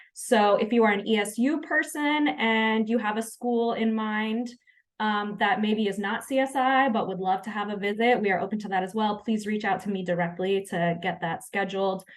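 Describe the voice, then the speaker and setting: An upbeat woman leads an online training session, chatting through announcements with plenty of ums and likes. Her voice sits at a middle pitch. She sounds friendly and brisk, like she is running a meeting. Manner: upbeat, chatty, many fillers. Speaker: session facilitator.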